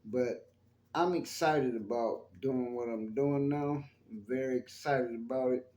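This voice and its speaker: Speaking a little slowly, this YouTube host has a mid-range voice with a darkish tone and a roomy sound. His talk to viewers is a loose, casual monologue about his faith.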